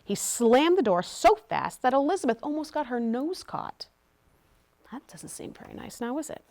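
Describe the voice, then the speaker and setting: A woman reads picture books aloud to children, pausing for chatty asides. Her voice is fairly high and very lively, rising and falling all the time. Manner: animated, chatty asides to kids. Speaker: storytime reader.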